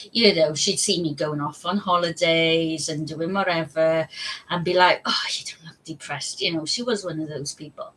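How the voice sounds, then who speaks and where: A woman's voice: low-pitched, fairly bright tone, slight background noise, low-quality recording. A woman talking candidly on a live stream, chatty and rambling, with frequent laughs. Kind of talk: casual live stream chat.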